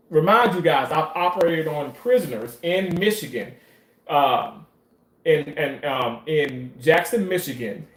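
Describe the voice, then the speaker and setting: A man talking in a casual monologue about his work in surgery, animated, profane and emotional as he tells stories. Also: a little high. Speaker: surgical staff commentator. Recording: roomy echo.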